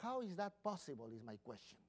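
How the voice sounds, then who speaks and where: A middle-aged man preaches a sermon in a notably high voice that rises and falls with feeling. He talks conversationally to the congregation, asks them questions and makes small grammar slips. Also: big pitch swings, fast. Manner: non-native English with grammar slips. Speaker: pastor.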